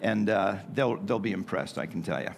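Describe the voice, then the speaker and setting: A man's voice: lowish voice, lively intonation, moderate pace, creaky, slight background noise. A middle-aged man preaching a sermon in a church in a folksy, joking way with playful asides. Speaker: pastor. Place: church sanctuary.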